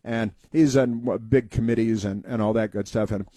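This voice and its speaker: A man's voice: fairly low pitch, steady tone, moderate pace, dark tone, no room sound. A man hosting a talk radio show, telling a rambling story in a folksy way with many fillers and restarts. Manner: folksy storytelling, acting out quoted voices.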